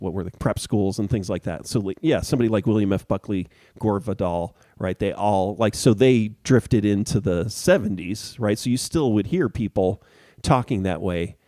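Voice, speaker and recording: A man with a lowish, mellow voice talks through a casual podcast chat. He wanders, restarts sentences and hunts for names as he goes. The sound is dry and close. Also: no room sound. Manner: rambling, searching for words, many restarts. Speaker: podcast co-host.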